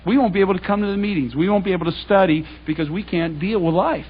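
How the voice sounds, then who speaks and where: A man with a high, husky voice talks fast through a public Bible talk, an anecdotal sermon full of conversational storytelling where he acts out the dialogue and quotes others. The recording is dull and lo-fi.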